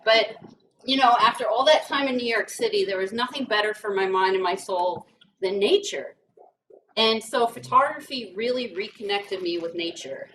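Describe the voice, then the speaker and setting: A guest speaker from rural Kentucky gives a humorous talk to an audience in an indoor brewery event room, joking through self-deprecating stories. Her medium-pitched voice is a bit bright, at a moderate pace. A distant mic picks her up with faint noise.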